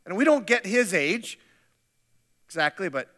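A man preaches with a bright, forceful voice pitched a little high. He keeps it conversational and joking, tripping over restarts, and his words ring out with a long hall reverb. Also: very animated, measured pace. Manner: conversational, humorous, with frequent restarts. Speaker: pastor. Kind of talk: sermon.

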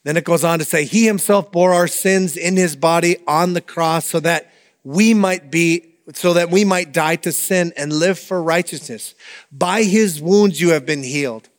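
Guy preaching a sermon, high lively voice, big hall echo. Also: measured pace. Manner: animated, conversational preaching with asides. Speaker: pastor.

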